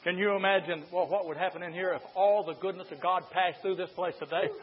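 Older preacher, high voice, impassioned, lurches from hushed to hollering; lo-fi church tape. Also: male voice, fairly even intonation, fast. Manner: impassioned, swings from hushed to shouting. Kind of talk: sermon. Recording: lo-fi recording.

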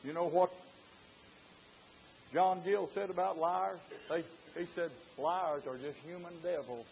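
Male preacher, high voice, fiery sermon delivery, muffled lo-fi church recording. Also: steady tone, measured pace, creaky, a little hiss or hum. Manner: fervent, rising to shouts; rhetorical questions to the congregation.

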